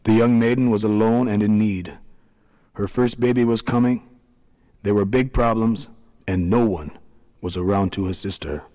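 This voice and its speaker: A man narrating a story in a calm, measured way. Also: lowish voice. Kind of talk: scripted narration. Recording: long reverb.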